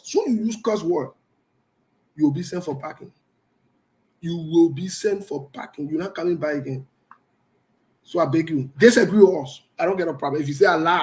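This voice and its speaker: A man's voice: fairly high pitch, a little mellow. A man hosting a live call-in talk show, stern and preachy, repeating his warnings and laughing between them.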